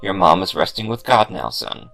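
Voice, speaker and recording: A man putting on a murderous father who speaks with cold menace, his voice deep-set and heavily gravelly. The pitch swings widely between hushed threats and sharp outbursts in this live horror story. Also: big pitch swings, moderate pace, soft background music, full character voice. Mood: menacing. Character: murderous cult-bound middle-aged father, sneering.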